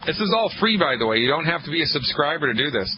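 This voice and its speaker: A man's voice: fairly high pitch, sing-song, quick pace, slight background noise. Upbeat male radio host, muffled broadcast. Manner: upbeat, salesy, repeats key points. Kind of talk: call-in radio advice.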